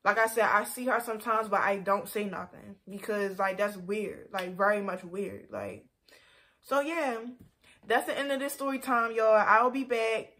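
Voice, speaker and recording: A woman's voice: medium pitch, moderate pace, sharp tone. A young woman vlogger telling a personal story in a frank, heated, casual way, full of "like". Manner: frank, heated, heavy use of "like".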